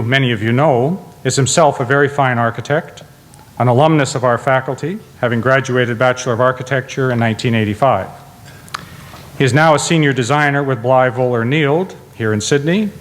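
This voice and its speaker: A man hosting a university lecture, introducing the next speaker in a formal, measured way. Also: mid-range voice. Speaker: faculty host introducing the speaker. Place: large lecture theatre. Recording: long reverb in a large lecture hall.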